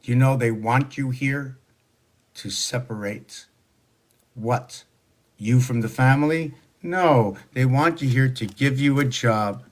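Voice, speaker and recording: A man in his sixties delivers a meandering spoken monologue, drifting from topic to topic. His voice sits at an everyday middle pitch. He leans on rhetorical questions and a preachy, lecturing tone. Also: slow pace. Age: 60s. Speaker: social media monologuist.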